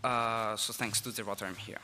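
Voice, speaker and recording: A teenage exchange student from Italy with an Italian accent, giving a halting, apologetic speech at a school assembly. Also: male voice, fairly low pitch, fairly even intonation, sharp tone, a little hiss or hum. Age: teens. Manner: nervous, halting, apologetic with laughs. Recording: reverberant hall, faint ambience.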